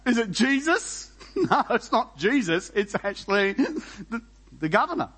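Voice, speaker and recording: A man preaching a sermon as pastor, animated and full of rhetorical questions, laughing between points. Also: high voice, measured pace, slightly rough, low-quality recording.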